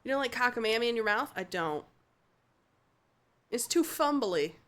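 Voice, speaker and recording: A woman's voice: a little high, lively intonation, normal speed, a bit bright. A woman streamer playing a game, chatting casually and reading dialogue aloud in a playful, giggly, joking way.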